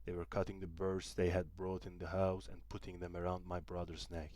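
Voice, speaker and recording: Brief: young male student narrator, Turkish native, deep voice, dry close read. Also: flat delivery, a little fast, a little mellow, no room sound. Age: young adult. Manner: careful reading with small restarts. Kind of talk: audiobook narration.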